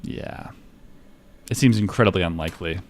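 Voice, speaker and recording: A man's voice: deep voice, normal speed. A man chatting casually on a live stream while trading, rambling and profane, with lots of filler words. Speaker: livestreamer trading stocks.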